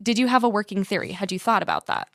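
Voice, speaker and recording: A woman hosting a podcast in casual chat, agreeable and quick to laugh. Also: mid-range voice, huge pitch swings, fairly bright tone, no echo, clean studio sound.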